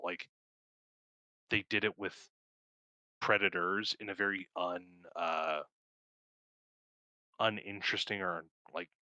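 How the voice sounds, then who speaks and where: Young male co-host, low pitch and bright, forceful tone, rambling and profane, laughs often. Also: smooth, no room sound, highs cut off. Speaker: podcast co-host. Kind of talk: casual film review chat.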